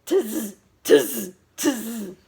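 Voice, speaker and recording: A woman's voice: a little high, very slow, creaky, a little mellow, breathy edge, pitched below the performer's own voice, full character voice. A woman voicing a troop of mischievous monkeys that mimic and tease in a chanted storybook refrain. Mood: mocking. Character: mischievous copycat tree monkeys.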